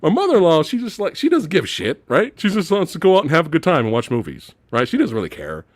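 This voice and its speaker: A man co-hosting a casual movie review chat, ranting with animated delivery and mocking impressions. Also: on the high side, fast, no echo. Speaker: podcast co-host.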